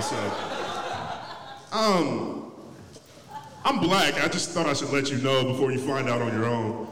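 A man doing stand-up, opening with blunt, deadpan lines. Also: mid-range voice, unhurried, long pauses, a crowd in the background. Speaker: stand-up comic. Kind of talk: stand-up set. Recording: distant, echoey club room.

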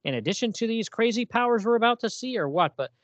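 A man's voice: very high voice, expressive, quick pace, no room sound. A man hosting a casual podcast discussion, retelling comic pages and reading the dialogue aloud. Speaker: podcast host.

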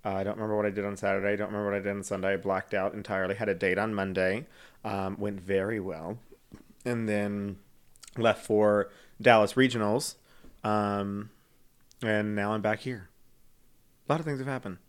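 Low-voiced man co-hosting a podcast. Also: steady tone, a little fast, clean tone. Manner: joking, playful, trailing off. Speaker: podcast co-host. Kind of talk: casual chat.

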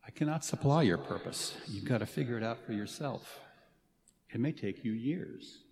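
A man delivers a commencement speech, earnest yet playful, and leans on pauses for effect. His voice sits at a middle pitch. It carries through a large hall with long reverb and a faint background hum. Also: expressive, creaky, a little mellow. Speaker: faculty commencement speaker.

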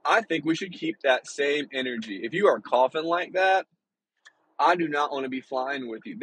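A man's voice: mid-range voice, a bit bright, slightly rough, rough recording. A young man telling a travel story in a casual, rambling way, full of fillers and restarts. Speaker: vlogger.

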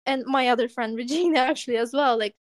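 A young woman from Russia hosting a podcast, telling stories in a chatty, animated way with lots of "like". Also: sits high, fast talker, dry recording, studio quality. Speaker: podcast host. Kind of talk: casual chat.

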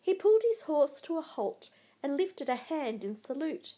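A woman narrating a storybook in a measured, dramatic way. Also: high-pitched, sing-song, warm tone.

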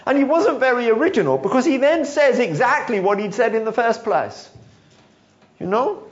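A man preaching a sermon, telling the story with animated delivery, acting out quotes and chuckling now and then. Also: extremely high pitch, normal speed, lo-fi sound.

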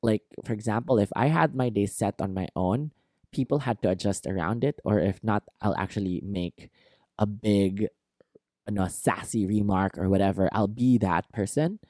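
A man with a lowish, warm, relaxed voice talks on his podcast in an open, rambling monologue. He circles back on himself, leaning on "like" and "you know". The sound is dry and close, with no room around it. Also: moderate pace, dry recording. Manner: rambling and candid, many fillers like "like" and "you know". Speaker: podcast host. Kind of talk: casual self-help monologue.

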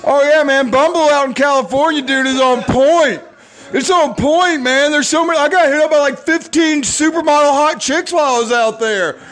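A man voicing his boastful roommate back from California, bragging in a drawn-out, condescending way. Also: extremely high pitch, a bit bright, voice pushed up.

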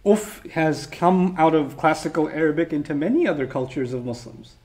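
Male Quran teacher, high pitch, emphatic sermon delivery, rises to loud animated peaks. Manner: emphatic, builds to raised animated outbursts; chants quoted verses quickly. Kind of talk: explanatory sermon.

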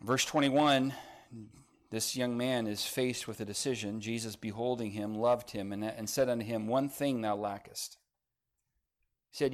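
A man preaching a sermon, rising to emphatic peaks and dropping to quiet, soft passages, and reading scripture aloud. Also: mid-range voice, steady tone, a little slow. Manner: reads scripture in old-style phrasing. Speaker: pastor.

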